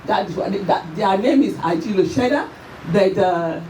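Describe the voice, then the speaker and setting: A Nigerian woman giving an emotional tribute at a memorial service, her voice shaking as she tells the story in halting, repeated phrases. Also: medium pitch, expressive, darkish tone. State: tearful, voice shaking. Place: church or event hall at a memorial service. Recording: echoey hall, far from the mic, faint noise.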